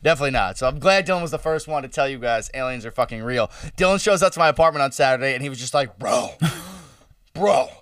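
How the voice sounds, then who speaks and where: A young man co-hosting a podcast in casual chat, with quick reactions and joking asides. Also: mid-range voice, lively intonation, fairly bright tone, smooth, no room sound, studio quality, recorded from a distance. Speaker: podcast co-host.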